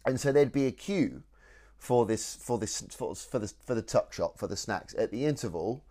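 A man's voice: fairly low pitch, lively intonation, moderate pace, mellow. A British man, a podcast co-host, telling a story in casual chat with rambling restarts.

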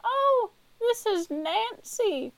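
A woman doing a high, quavering old lady. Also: big pitch swings, extremely slow, no room sound, full character voice, rough recording. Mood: doddering. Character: old woman with bad hearing, fussy, chatty.

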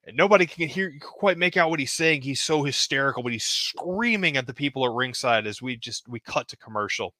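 A man hosting, narrating play-by-play of a toy wrestling show in a casual way, rising with excitement at the pin counts. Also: mid-range voice, fairly quick, few pauses, no echo, studio quality. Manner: casual, hedging with "kinda", excited at pinfalls.

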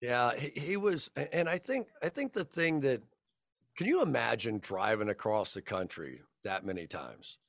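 A man in his fifties tells football stories in a relaxed podcast chat. He rambles and restarts often, slipping into quoted dialogue. His voice sits at an ordinary middle pitch, recorded close and dry. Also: moderate pace, vocal fry, dry recording. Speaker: football broadcaster guest. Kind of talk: casual podcast storytelling.

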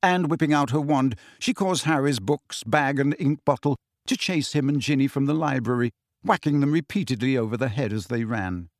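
A man narrating a novel in measured, deliberate audiobook style. His voice sits at a middle pitch and the recording is dry and close, with no room sound. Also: expressive, no room sound. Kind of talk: scripted narration.

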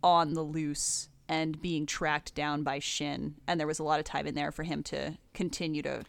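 A woman co-hosting a casual podcast, breaking down game lore in an animated, profane way. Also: low voice, creaky, no echo. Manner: animated, profane, quick asides. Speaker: podcast co-host.

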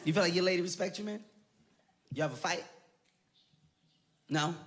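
A man performing a stand-up comedy routine before a live crowd, telling a story in an animated way and acting out the voices of the people in it. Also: sits high, normal speed, slight background noise. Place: theater stage before an audience. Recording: live show with loud crowd laughter.

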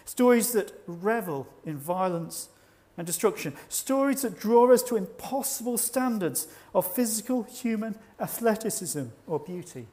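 Male preacher with a high voice, measured and reflective, slows for emphasis. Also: animated, darkish tone. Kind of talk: sermon.

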